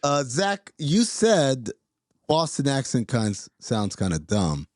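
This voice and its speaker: An excitable man co-hosting a podcast, chatting casually and often repeating his words. His voice sits in a middle pitch. The sound is dry and close, with no room echo. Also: slow. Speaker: podcast co-host. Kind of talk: casual chat.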